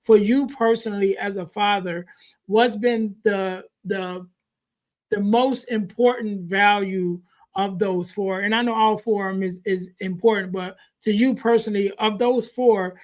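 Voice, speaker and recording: A man hosting a podcast, setting up questions in a measured way and circling back to restate them. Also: high-pitched, steady tone, darkish tone. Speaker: podcast host. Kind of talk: interview questions, casual.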